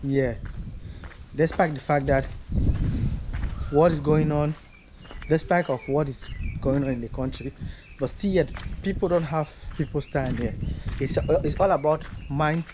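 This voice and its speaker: A man's voice: a little high, unhurried, pauses often. Man vlogging outdoors on a noisy street. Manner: rambling, repeats himself. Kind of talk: casual walking vlog.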